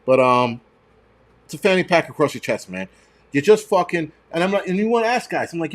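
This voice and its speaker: A man's voice: high-pitched, lively intonation, a little fast. A man, ranting and swearing loosely on a casual livestream. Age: 40s. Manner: profane, ranting, mocking. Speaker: livestream host.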